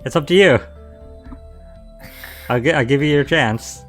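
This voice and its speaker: A man's voice: medium pitch, measured pace, fairly bright tone. A man joking dryly and teasing his co-host while they play through a story game. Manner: dry, teasing banter. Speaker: let's play co-streamer. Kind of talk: casual co-op game commentary. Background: game music.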